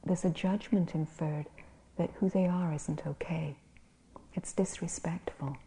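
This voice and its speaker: Soft-spoken woman with a very dark voice. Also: on the low side. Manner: soft, gentle and unhurried, often drops to a near whisper. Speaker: meditation teacher and physician. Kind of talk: dharma talk.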